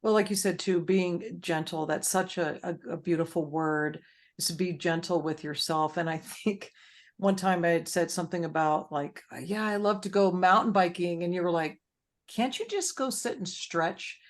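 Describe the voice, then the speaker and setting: A woman hosting a faith-based grief support group, chatting warmly with many fillers as she tells stories. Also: on the low side, fairly even intonation, normal speed.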